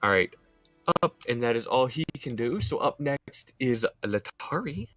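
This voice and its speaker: A man running a tabletop game as dungeon master, calling turns and explaining rules in a relaxed, conversational way. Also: mid-range voice, measured pace, soft background music.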